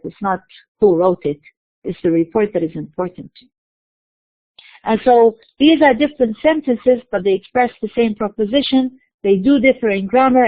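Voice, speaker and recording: Female lecturer, mid-pitched voice, patient explaining with self-posed questions, dry close recording, tinny narrow sound. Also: no room sound. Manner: explanatory, repeats words and restarts, asks and answers own questions. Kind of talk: university lecture.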